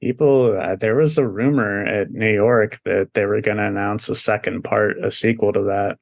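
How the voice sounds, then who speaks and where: A man's voice: fairly low pitch, fairly even intonation, normal speed, gravelly, dry recording. A man co-hosting a podcast, talking casually about comics in a laid-back way, swearing and laughing often. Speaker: podcast co-host. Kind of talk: casual comic review chat.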